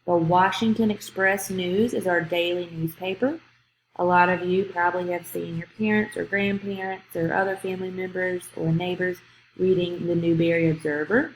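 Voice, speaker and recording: A woman with a fairly low voice teaches young students a grammar lesson, explaining patiently step by step and checking in with "okay?". The room is echoey, with slight background noise.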